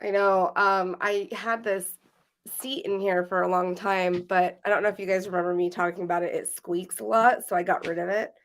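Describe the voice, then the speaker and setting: A woman's voice: medium pitch, steady tone, moderate pace. Chatty laughing woman podcast co-host. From Washington State. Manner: chatty, laughs often, rambling restarts. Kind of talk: casual livestream chat.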